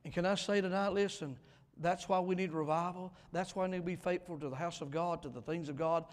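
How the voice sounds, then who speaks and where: A man preaching a revival sermon in a church, emphatic, swinging between loud declarations and quiet asides. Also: high voice, steady tone, a little fast. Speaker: pastor. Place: church sanctuary. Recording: long hall reverb in a church.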